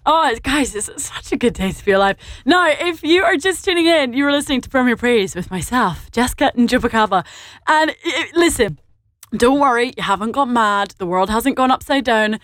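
A bubbly young Scottish woman hosting a live radio show, chatting eagerly and directly to her listeners. Her voice sits fairly high, and the studio sound is close and dry with no room echo. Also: a bit bright. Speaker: radio presenter. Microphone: studio microphone.

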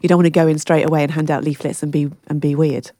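A woman guesting on a radio show, talking in a lively, animated way. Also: low voice, quick pace, no echo.

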